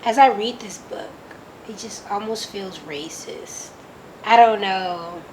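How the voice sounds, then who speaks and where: A woman's voice: medium pitch, slow, a little mellow, slight background noise. A woman from Oakland reading a book aloud and commenting on it in a chatty way, filling her sentences with "like" and sounding openly incredulous. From Oakland, California. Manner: chatty, lots of "like", reacts with disbelief. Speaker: book reviewer.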